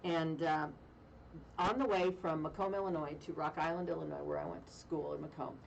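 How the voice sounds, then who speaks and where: A woman radio host telling a funny story in casual chat, animated and self-mocking, with deadpan jokes. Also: deep voice, fairly quick, creaky, recorded from a distance, muffled recording, a little hiss or hum. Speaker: radio talk show host.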